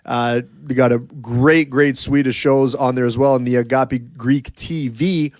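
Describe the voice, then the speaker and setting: A man's voice: medium pitch, steady tone, unhurried, a little mellow, no echo, studio quality. A man hosting a sports podcast, playful and hyping in casual banter, doing the sponsor plugs. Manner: playful, hyping, laughs often. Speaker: podcast host.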